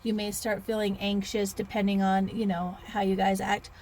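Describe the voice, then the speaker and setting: A woman's voice: mid-range voice, flat delivery, moderate pace, darkish tone, a little hiss or hum. A woman in her thirties, chatting casually in a rambling vlog with restarts and sighs. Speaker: author vlogger.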